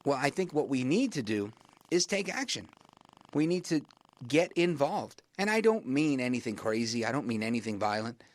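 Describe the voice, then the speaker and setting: A man hosting a talk radio show, delivering an emphatic monologue that keeps rising in pitch to stress his points. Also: very animated, normal speed, a little hiss or hum.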